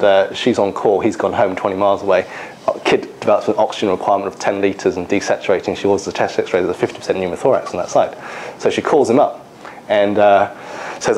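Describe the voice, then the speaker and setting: A man's voice: on the low side, a little mellow, slight background noise, low-quality recording. A man giving a lecture, telling workplace stories with many fillers and restarts. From England. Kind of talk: anecdotal lecture.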